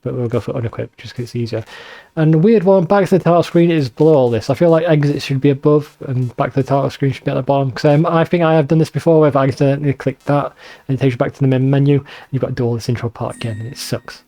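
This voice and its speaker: A man's voice: medium pitch, fast talker, dark tone. A man with a northern English accent chatting casually and swearing while commenting on a video game. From northern England. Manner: chatty, swears freely, mocking asides. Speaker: let's play host.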